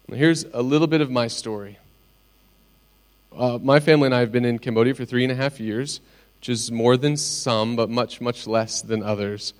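A middle-aged man preaching a sermon, speaking earnestly and telling personal stories with pauses. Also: medium pitch. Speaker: pastor.

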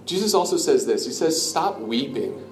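A man's voice: a little high, animated, normal speed. Man preaching in an echoey church. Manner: earnest, conversational, drops to a hush on key lines. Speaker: pastor. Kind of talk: sermon. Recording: echoey room with faint ambient noise.

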